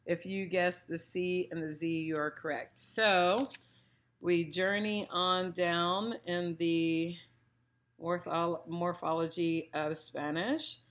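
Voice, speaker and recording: A woman's voice: fairly low pitch, fairly even intonation, takes it slowly, a bit bright. A woman teaching a casual Spanish pronunciation lesson, chatty and playful, demonstrating sounds aloud and giving firm opinions.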